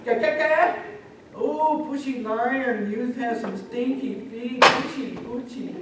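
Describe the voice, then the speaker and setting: A woman voicing a bossy, shrill female bear who scolds and shrieks indignantly. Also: takes it slowly, heavy background noise. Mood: shocked, scolding. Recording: echoey live room from far off.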